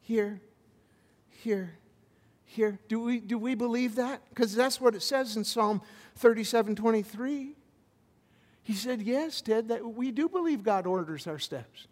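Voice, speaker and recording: A man preaching a sermon as a visiting pastor, animated, with stammered restarts as he tells a story. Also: very high voice, moderate pace, big-room sound.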